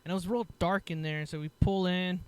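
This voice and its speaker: A podcast host tells a story in casual conversation, his voice high-pitched, a little fast, clear and resonant, with no echo. He's animated, swears often, laughs, and acts out what other people said.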